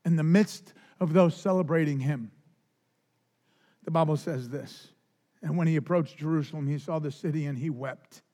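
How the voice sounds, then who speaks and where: A man preaching a sermon with passion, stumbling over restarts and swinging between hushed lows and near shouts. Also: moderate pace. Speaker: pastor. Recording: loud music behind the voice.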